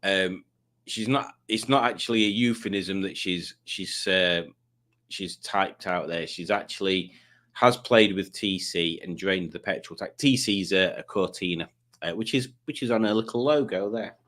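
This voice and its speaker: A man's voice: sits low, normal speed, a bit bright. A man, hosting a live stream, chatting casually and joking as he reads out viewers' comments. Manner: chatty, jokey, does silly voices for commenters.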